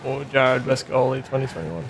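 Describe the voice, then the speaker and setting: A man's voice: medium pitch, lively intonation, fairly quick, noisy background. A man chatting and teasing his friend while they play a game together. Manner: teasing, laughing banter. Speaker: teammate and friend. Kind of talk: casual gaming chat.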